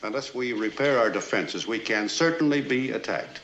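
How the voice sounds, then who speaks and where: An actor playing an accused air colonel on the witness stand in an old courtroom film, answering tersely and firmly. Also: male voice, medium pitch, normal speed, close to an everyday voice. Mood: steady. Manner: firm, terse, steady answers. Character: stubborn male air colonel, calm and firm. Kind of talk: 1950s film courtroom drama. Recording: roomy, dull old film soundtrack with hiss.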